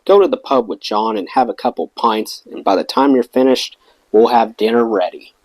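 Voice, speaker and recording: A man reading the lines of a hospitable middle-aged mother, brisk and welcoming. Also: medium pitch, darkish tone, close to an everyday voice.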